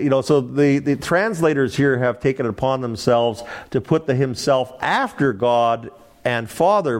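A man teaching a Bible study class, lecturing and asking the group questions. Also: a little high. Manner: animated, asks the class questions, laughs lightly.

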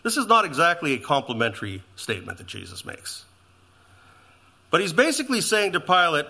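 A man preaching a sermon as pastor, animated and emphatic, dropping to hushed tones on reverent lines. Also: sits high, moderate pace.

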